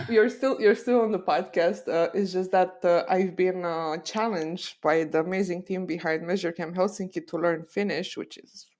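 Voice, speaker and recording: A woman's voice: lowish voice, a little slow, darkish tone. A woman hosting a podcast in casual chat, cheerful and self-deprecating. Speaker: podcast host.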